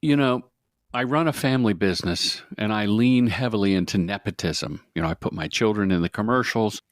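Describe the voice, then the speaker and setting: A middle-aged man telling stories as a guest in an interview, animated, jokey and self-deprecating. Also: lowish voice, fairly quick, no room sound, studio quality. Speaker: guest, commercial director. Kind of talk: casual interview storytelling.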